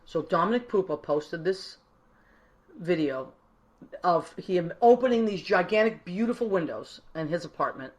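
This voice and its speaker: A chatty woman host with a fairly low voice, talking casually to her online audience. She rambles warmly and greets viewers by name. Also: expressive, normal speed. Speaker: online radio show host; musician. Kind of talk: casual live-stream chat.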